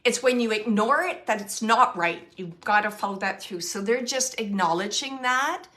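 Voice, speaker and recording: A woman working as a medium, giving a gentle spirit reading to a sitter, halting and searching as she relays messages, with many fillers and restarts. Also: medium pitch. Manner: gentle and reassuring. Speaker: psychic medium.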